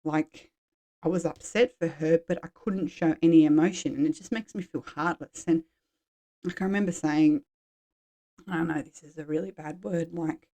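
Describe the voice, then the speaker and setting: A woman's voice: low-pitched, fairly even intonation, normal speed, warm tone. A woman in her forties hosting a podcast, talking frankly and in a rambling, casual way about her own life. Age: 40s. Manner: frank, rambling, drops swear words. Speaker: podcast host. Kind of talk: candid personal chat.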